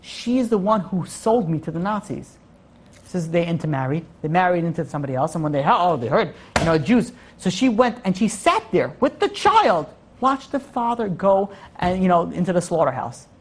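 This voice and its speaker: Fast-talking rabbi giving a lively class. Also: male voice, sits high, breathy edge. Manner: animated, rhetorical questions, joking asides. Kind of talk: Torah class lecture.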